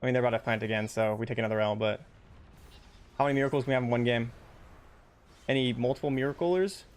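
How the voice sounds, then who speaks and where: A man's voice: medium pitch, fast talker. A young man live-streaming a game, chatting casually and answering viewers' questions between rounds, with lots of fillers. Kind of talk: casual live-stream chat while gaming.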